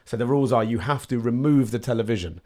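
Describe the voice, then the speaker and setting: A man in his late thirties, talking as a podcast guest at an ordinary pitch. He tells his stories with energy and slips into little acted-out voices along the way. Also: fast talker. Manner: animated storyteller who acts out little voices. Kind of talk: casual podcast conversation.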